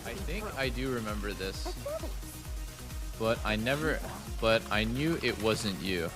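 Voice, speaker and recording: A man's voice: lowish voice, lively intonation, unhurried, music in the background. A man streaming a casual chat to his viewers, rambling and swearing with lots of "like". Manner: rambling and profane, heavy use of "like". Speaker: game streamer.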